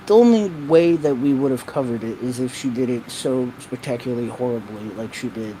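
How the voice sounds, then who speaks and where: A man co-hosting a livestream in casual chat, relaxed and full of fillers, chuckling often. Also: medium pitch, fairly quick, a little hiss or hum, low-quality recording. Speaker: livestream co-host.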